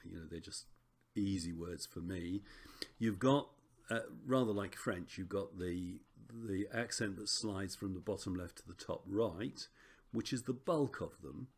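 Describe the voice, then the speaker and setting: A man teaching a recorded Greek lesson, relaxed and chatty with frequent ums and self-corrections. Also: low voice, a little slow, hardly any pauses, slightly rough.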